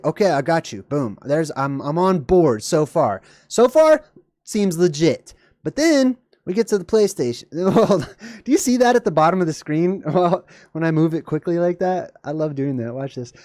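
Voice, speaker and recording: A man hosting a casual video, commenting in a jokey, animated way. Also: dry recording, studio quality. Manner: animated, jokey, voice jumps high when excited. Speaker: video host.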